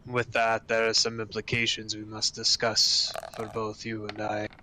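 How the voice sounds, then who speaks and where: A man voicing a grave old male dwarf who calls others lad and lass, speaking slowly and deliberately in a tabletop game. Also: on the low side, completely flat delivery, sharp tone, slight background noise. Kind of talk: tabletop role-play voicing a character.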